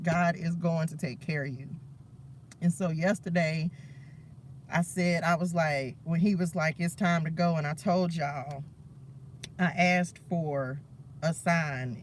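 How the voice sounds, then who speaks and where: A man's voice: fairly high pitch, slight background noise. A man hosting a spiritual live stream, talking fervently and preachily to his viewers and calling them "y'all".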